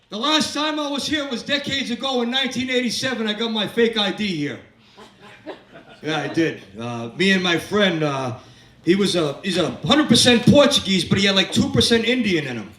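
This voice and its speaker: A man's voice: sits high, normal speed, a bit bright. A man in his fifties doing a stand-up set in a comedy club, telling crude, rambling stories and working the crowd. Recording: echoey club, from a distance.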